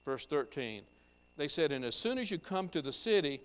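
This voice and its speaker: Male pastor, sermon delivery, scripture reading with commentary; slightly high voice, long church reverb. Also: very animated, normal speed, clean tone. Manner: reads scripture aloud and explains it verse by verse. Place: church sanctuary.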